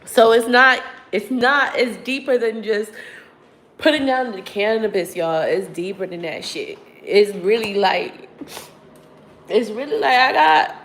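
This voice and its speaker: A woman's voice: medium pitch, fairly bright tone, slight background noise. Emotional woman vlogging a raw confession. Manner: candid, profane, rambling with restarts. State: emotional, on the edge of tears. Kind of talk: emotional confessional livestream talk.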